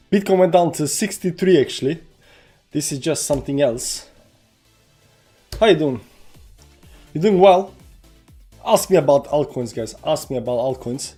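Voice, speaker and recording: A man with a fairly high yet mellow, dark-toned voice hosts a relaxed livestream, talking loosely through market charts. He keeps saying "you know" and "guys", and soft music plays under his talk. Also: husky. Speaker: crypto livestream host. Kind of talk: casual livestream chart commentary.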